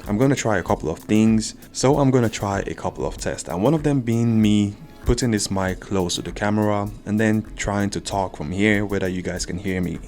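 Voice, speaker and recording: A man's voice: lowish voice, brisk, hardly any pauses, a little mellow, soft background music. A man casually reviewing a budget microphone, chatty and self-deprecating, talking straight to his viewers from an indoor home setup. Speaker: tech reviewer. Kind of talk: casual product review vlog. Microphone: USB condenser mic at close range.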